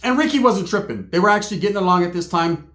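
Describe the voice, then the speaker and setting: Man, comic storyteller, crude slangy delivery, higher register. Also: lively intonation, fast, a bit bright. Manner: slangy, crude, laughing asides. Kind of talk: comedic storytelling. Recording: roomy echo.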